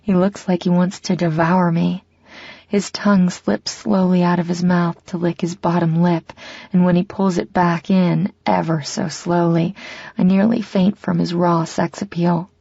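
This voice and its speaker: A woman's voice: on the low side, flat delivery, measured pace, vocal fry, mellow, breathy edge, dry recording. A woman reading a romance audiobook in an intimate first-person style, slightly muffled and dry. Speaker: audiobook narrator. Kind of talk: scripted narration of a romance novel.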